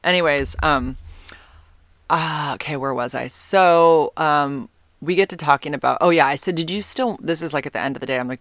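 A woman's voice: low voice, moderate pace, fairly bright tone, no room sound. Forties woman rambling about her dating life, lots of um and like, dry close sound. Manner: chatty, rambling, lots of fillers and self-interruptions. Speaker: vlogger. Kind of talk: casual confessional dating story.

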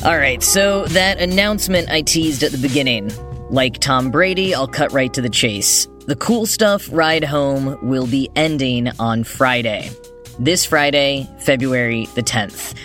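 A man's voice: mid-range voice, measured pace, a bit bright, soft background music. A man hosting a podcast, reading news stories and quoted articles in a scripted way with dry, wry asides. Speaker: podcast host.

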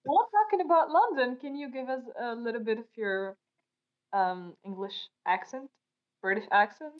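Brief: twenties woman host, high-ish voice, giggly and teasing, dull muffled recording. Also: lively intonation, normal speed. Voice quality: giggly, playfully asks for repeats. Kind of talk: casual chat. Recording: dull lo-fi sound.

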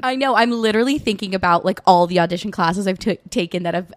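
A woman in her twenties co-hosting a podcast, bubbly and quick to laugh, swearing casually. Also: medium pitch, dry recording. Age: 20s. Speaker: podcast co-host. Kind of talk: casual chat.

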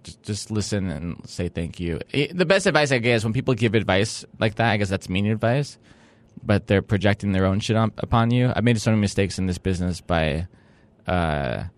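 A man's voice: lowish voice, brisk, dry recording. A young man, a comedian guest on a podcast, joking in a wry, self-deprecating way. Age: young adult. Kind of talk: casual comedy podcast chat.

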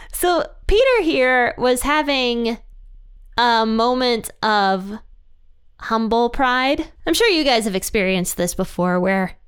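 A woman's voice: fairly high pitch, lively intonation, slow, pauses often, fairly bright tone, clear, resonant tone. A woman hosting a Bible study, explaining scripture in a chatty way with light laughs between points. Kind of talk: casual Bible teaching.

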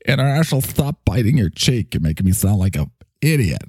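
A man's voice: fairly low pitch, sing-song, brisk, a little mellow, breathy edge, no echo. A man voicing a bossy male spirit who fusses and complains at the person channeling him. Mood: annoyed. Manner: fussy, complaining, theatrical.

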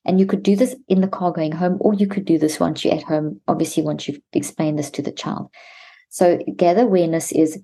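Woman, expert guest; husky, mellow voice, explanatory, lots of restarts. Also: low voice, steady tone, brisk. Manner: many restarts and repeated words, explanatory. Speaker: guest expert on mental health. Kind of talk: explanatory advice to parents.

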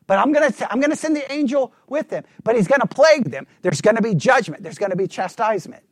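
Animated high-voiced male preacher. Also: fast, hardly any pauses, dry recording, studio quality. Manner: animated preaching, rhetorical questions, drops to a hush for asides. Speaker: pastor. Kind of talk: sermon.

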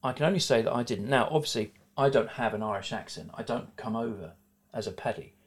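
A man's voice: mid-range voice, fast talker, breathy edge. A man in his sixties with a middle-class South London accent, a guest in an interview talking frankly and rambling, with many fillers and restarts. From South London, England. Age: 60s. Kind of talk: conversational interview.

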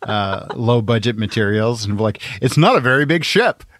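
A man co-hosting a podcast, talking about movies in a relaxed way with frequent fillers. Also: medium pitch, normal speed, slight background noise. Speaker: podcast co-host. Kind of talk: casual movie discussion.

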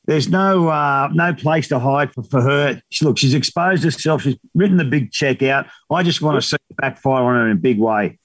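A fiftyish Australian man, a guest on a casual radio chat, spins animated, slangy stories and laughs as he goes. His voice sits in the mid range, his pace is moderate with few pauses, and there's no room sound.

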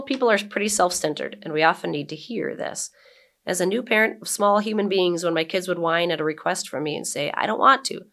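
Woman in her 40s, kinda low and gravelly, chatting easy then reading her blog out loud. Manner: relaxed and chatty, reads with emphatic quoted lines. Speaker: guest, blogger and brewery owner. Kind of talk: casual interview chat and reading her blog aloud.

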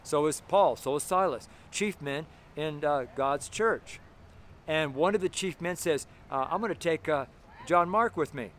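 A man preaching a fervent street sermon outdoors beside a busy road, talking loudly and emphatically. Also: a little high, unhurried, a little hiss or hum. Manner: fervent, emphatic, loud at times.

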